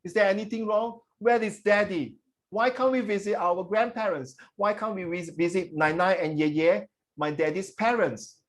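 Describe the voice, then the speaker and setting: A man's voice: high voice, normal speed, voice pushed up, lightly acted. A man voicing a young daughter who pleads with and questions her mother. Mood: pleading. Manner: whiny, pleading.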